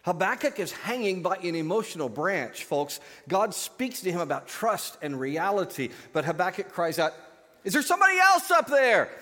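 A man's voice: on the high side, in a large hall. A man preaching a sermon as pastor, telling a joke with acted-out voices before turning to scripture. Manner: animated storytelling, acts out voices in a joke.

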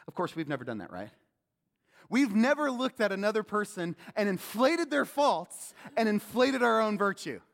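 A pastor with a fairly high voice preaches a sermon. He is animated and keeps calling out questions to the congregation. His voice carries a long reverb from the church sanctuary. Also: moderate pace, gravelly.

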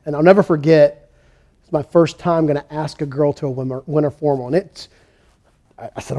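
High-voiced man preaching a lively sermon. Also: normal speed. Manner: animated storytelling preacher who acts out quoted kings and prophets. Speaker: pastor.

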